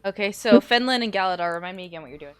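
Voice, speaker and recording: A woman's voice: medium pitch, expressive, very fast, smooth, no echo. Casual woman running a tabletop game. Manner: casual, laughing often. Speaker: game master.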